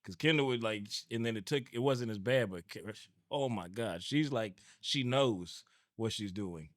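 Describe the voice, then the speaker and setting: A man co-hosting a podcast in casual chat, animated and laughing often as he tells parenting stories. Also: moderate pace, dry recording, clean studio sound. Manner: animated, laughs often, breaks into high-pitched quoted voices. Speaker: podcast co-host.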